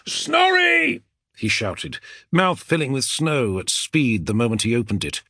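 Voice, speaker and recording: A man reading a fantasy novel aloud as an audiobook narrator, with a dramatic, expressive delivery. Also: medium pitch, husky, dry recording, clean studio sound.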